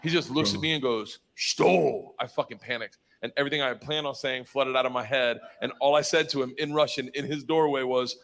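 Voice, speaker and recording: A man's voice: medium pitch, steady tone, quick pace, few pauses. A man in his fifties, a stand-up comedian telling a story on stage. He swears freely and laughs through his lines. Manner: loud, profane, laughing storytelling.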